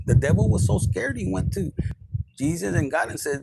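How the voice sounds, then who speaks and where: Gravelly man giving a casual tarot reading. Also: fairly high pitch, expressive, a little fast, heavy background noise. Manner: casual, profane, mixes in Spanish words. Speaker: tarot reader. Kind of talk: spiritual reading monologue.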